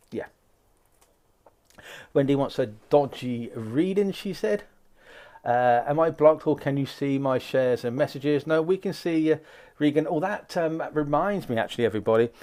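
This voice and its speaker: Casting: male live-stream host, mid-pitched, chatty and rambling. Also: darkish tone. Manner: chatty, greets viewers by name, rambling asides. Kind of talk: casual live-stream chat reading out viewer comments.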